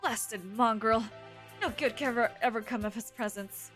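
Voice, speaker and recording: A woman's voice: fairly high pitch, moderate pace, fairly bright tone, soft background music, lightly acted. A woman reading a visual novel aloud, voicing a haughty, contemptuous aristocratic male pigeon student who speaks in curt, scornful commands.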